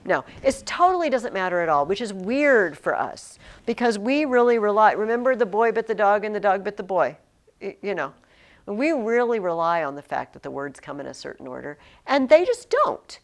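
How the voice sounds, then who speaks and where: A woman teaching a Latin class, leading students through the lesson. She talks in a chatty, emphatic way, with frequent fillers and quick restarts. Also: medium pitch.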